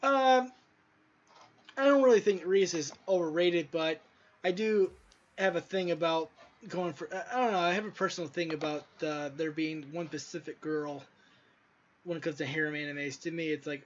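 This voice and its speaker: High-voiced man rambling over gameplay. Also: a little slow, pauses often, a little hiss or hum. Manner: rambling, loose, with crude asides. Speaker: indie game developer. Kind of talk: casual gameplay commentary. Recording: dull lo-fi audio with faint music.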